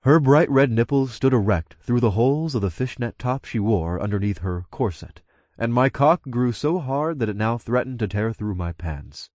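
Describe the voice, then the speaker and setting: A man narrating a first-person audiobook in a steady, relaxed storytelling voice on a close mic. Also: mid-range voice, normal speed, dry recording.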